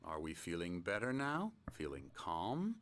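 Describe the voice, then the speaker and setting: A smooth, patronizing psychiatrist. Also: male voice, deep voice, wildly swooping pitch, a bit bright, exaggerated voice. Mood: calm persuasive. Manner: soothing, measured, condescending. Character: calm, patronizing middle-aged male psychiatrist.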